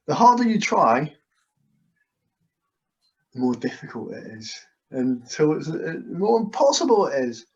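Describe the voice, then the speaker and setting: A man's voice: mid-range voice, very animated, measured pace. A man acting as a hypnotist, guiding a session with soothing, repetitive trance suggestions over a video call. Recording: dull, lo-fi video call audio.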